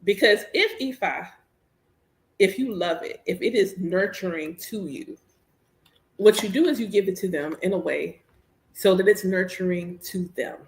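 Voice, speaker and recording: An animated, candid woman in her thirties chats casually while she works, joking as she goes. Her voice sits at a middle pitch for a woman. The room around her is echoey. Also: unhurried. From United States. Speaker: priestess and host. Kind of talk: casual chat while working.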